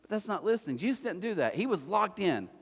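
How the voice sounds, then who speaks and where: A man preaching a conversational sermon who acts out little scenes in quick put-on voices. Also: sits high, sing-song, gravelly, slightly rough. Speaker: pastor. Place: church auditorium. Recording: long hall reverb.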